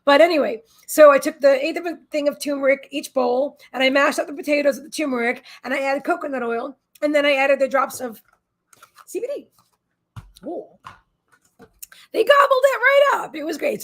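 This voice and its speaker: A woman hosts a psychic live stream from her desk at home, chatting casually in a meandering way and often talking to her pets. Her voice is high-pitched with vocal fry.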